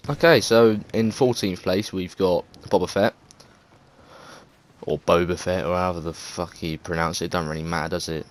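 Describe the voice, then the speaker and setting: English guy, very low voice, loose and unscripted game commentary, swears and hesitates a lot. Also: brisk, hardly any pauses. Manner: rambling, hesitant, lots of fillers and swearing. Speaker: gaming video creator. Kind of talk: casual gameplay commentary.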